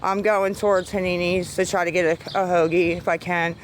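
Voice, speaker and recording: A woman's voice: lowish voice, flat delivery, fairly quick, slight background noise, rough recording. A woman livestreaming on her phone, ranting in an agitated, profane way and rambling between topics. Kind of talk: rambling live-stream talk.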